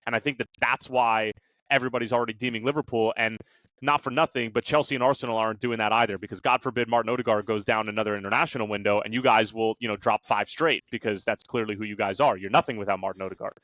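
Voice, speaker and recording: A man on a sports podcast rants about his team, throwing out rhetorical questions and curses. His voice leaps around in pitch as he gets worked up. The sound is close and dry, with no room around it. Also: fast talker, dry recording. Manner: animated, ranting, profane, rhetorical questions. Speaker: podcast co-host, Liverpool fan. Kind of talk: heated casual sports chat. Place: podcast studio.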